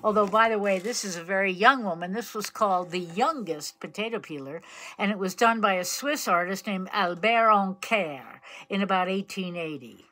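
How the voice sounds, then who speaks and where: Bright-voiced playful woman co-host. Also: mid-range voice, moderate pace. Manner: playful, teasing, jumps in to finish points. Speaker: co-host of a museum video. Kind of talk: casual chat and reading a poem aloud.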